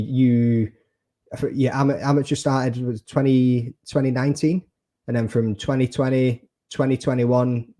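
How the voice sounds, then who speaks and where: Chatty man host, mellow voice. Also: mid-range voice. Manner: chatty, encouraging, says "mate". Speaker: podcast host, interviewer. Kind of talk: casual interview questions.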